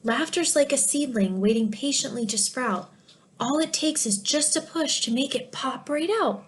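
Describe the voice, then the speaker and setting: A cheerful male jester from a children's storybook, read by a woman. The delivery is bright and coaxing and sits a touch high, with a lilting, rhyming rhythm. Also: animated, normal speed. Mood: excited. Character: cheerful jester on a quest to find laughter, male.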